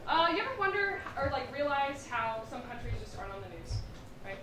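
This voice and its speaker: A young woman performing a stand-up comedy set on a theatre stage, telling animated stories with asides to the crowd. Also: high voice, a little fast, recorded from a distance. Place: theatre stage with a live audience. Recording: roomy hall recorded from afar, noisy.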